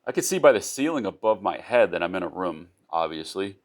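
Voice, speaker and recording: A man with a very low, deep voice reads a first-person story aloud. His delivery is unpolished, with small stumbles, restarts and repeated words along the way. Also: sing-song, a little fast. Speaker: narrator of his own short story.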